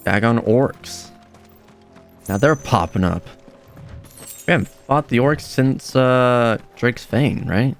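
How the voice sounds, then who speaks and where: Excitable young man with a gravelly voice. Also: mid-range voice, slow, long pauses, faint music behind. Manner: excitable, laughs often, exclaims at the game. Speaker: let's play gamer. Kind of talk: casual gameplay commentary.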